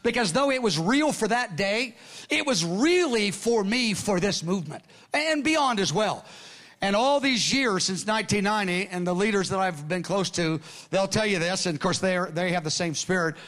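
An older man with a high-pitched voice tells stories from the pulpit in a loose, conversational way. He goes quiet and hushed at moments and often restarts his sentences. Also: expressive, normal speed. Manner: conversational, acts out dialogue, laughs often; repeats and restarts, drops to hushed tones. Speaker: preacher. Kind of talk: storytelling sermon with notes.

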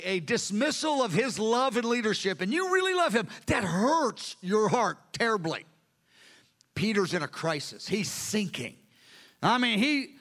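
Animated high-voiced male preacher. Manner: animated storytelling. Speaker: pastor. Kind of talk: sermon.

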